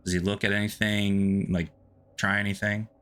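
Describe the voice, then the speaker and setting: A man's voice: fairly low pitch, little pitch movement, normal speed, fairly bright tone, clear, resonant tone. A man narrating as game master of a tabletop game, vivid and dramatic, with sound effects.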